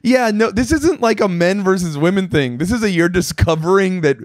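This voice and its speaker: A man's voice: high-pitched, moderate pace, no room sound. A man co-hosting a podcast, telling rambling, profane stories in casual chat and acting out what people said. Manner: rambling storyteller, swears freely, acts out quotes. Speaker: podcast co-host.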